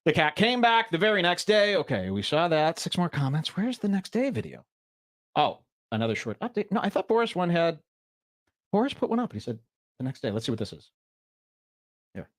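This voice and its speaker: Sarcastic, lively-pitched podcast host. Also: male voice, brisk. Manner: sarcastic, mimicking, animated storytelling. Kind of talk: mocking commentary over played clips.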